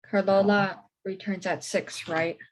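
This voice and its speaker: A woman student reading aloud carefully in an online class over a video call, halting at times. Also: medium pitch, steady tone, a little hiss or hum, rough recording.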